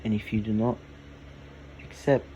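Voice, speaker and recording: Brief: a man playing an ancient lonely dragon, calm yet menacing, low flat delivery, loud air-conditioner hum behind. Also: measured pace, close to an everyday voice. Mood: solemn.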